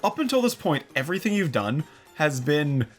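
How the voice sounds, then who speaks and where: A man's voice: fairly high pitch, very animated, moderate pace, faint music behind. A man casually commentating a video game, critical and ranting. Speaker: let's play co-host.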